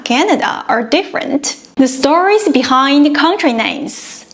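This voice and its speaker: A woman from China gives a beginner Mandarin lesson in English. She speaks in a high voice and takes her time. She reads from a script and carefully models each sound for the learner. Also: expressive. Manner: slow, careful modeling of pronunciation. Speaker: Mandarin teacher.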